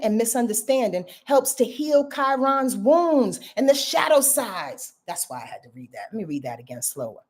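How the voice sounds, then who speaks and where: A woman's voice: mid-range voice, big pitch swings, fairly quick, few pauses, darkish tone, slightly rough. A woman astrologer giving a live reading, emphatic and talking straight to her viewers, repeating phrases and laughing at her own jokes, with features.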